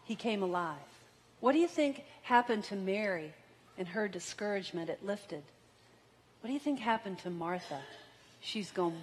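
A woman preaching a sermon, slow and deliberate, drawing out key words for emphasis. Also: medium pitch, animated. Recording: long hall reverb.

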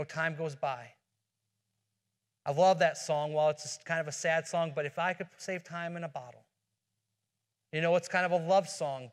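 A man preaching a sermon as pastor, earnest, asking rhetorical questions and often restarting his phrases. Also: a little high. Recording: long hall reverb.

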